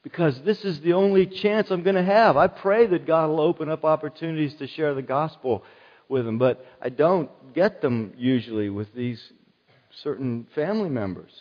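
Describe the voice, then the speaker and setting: An earnest middle-aged man preaches in a relaxed, conversational way and keeps circling back to his key phrases. His voice sits a little higher than most men's. The sound is slightly muffled and rings with the long reverb of a large hall. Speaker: pastor. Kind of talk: sermon.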